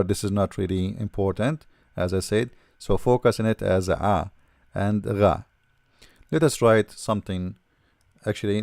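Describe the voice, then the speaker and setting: A man's voice: fairly low pitch, gravelly, darkish tone, no room sound, clean studio sound. A man teaching the alphabet patiently, repeating sounds and often checking in with "all right?". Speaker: language teacher. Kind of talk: explaining letters while writing.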